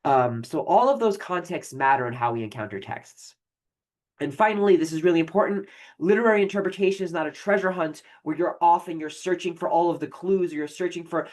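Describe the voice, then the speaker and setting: A professor with a medium-pitched, somewhat dark voice gives a recorded literature lecture. He often stumbles through fillers and restarts while explaining, then reads poetry slowly and aloud.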